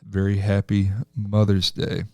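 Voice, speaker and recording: A man who pastors a church, co-hosting a podcast in relaxed, affirming casual chat. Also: fairly low pitch, unhurried, no room sound.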